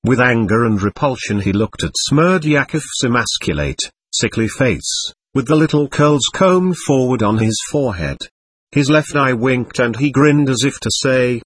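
A man reads a classic novel aloud in a measured storytelling way. His husky voice moves through a lively range of pitch. The recording is dry and close. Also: no echo. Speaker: audiobook narrator. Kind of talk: scripted narration of a classic novel.

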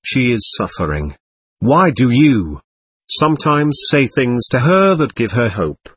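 Man voicing a timid, gentle young man. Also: medium pitch, big pitch swings, measured pace, slightly rough, no echo, full character voice. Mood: pleading. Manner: timid, grieved.

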